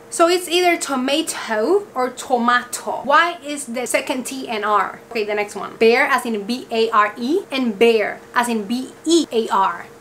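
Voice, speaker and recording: A woman talking straight to camera in a high, bright voice. She is exasperated and fires off rhetorical questions one after another. She stretches words out slowly to make her point. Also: slight background noise. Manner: sounds words out slowly for emphasis. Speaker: vlogger. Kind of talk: casual talk to camera.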